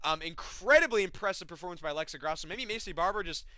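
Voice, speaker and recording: A man hosting a casual fight recap, ranting in an agitated, profane, animated way from a room at home with friends. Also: high voice, fast talker, no echo.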